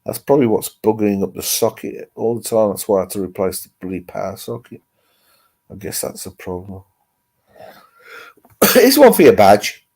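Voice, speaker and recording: Man, gravelly voice, mellow dark tone, rambling casual chat, laptop mic at home. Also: lowish voice, fairly even intonation, fairly quick. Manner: rambling, chatty, mild swearing. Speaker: livestream host. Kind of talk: casual chat with live viewers. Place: home, seated with laptop on lap. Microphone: laptop microphone.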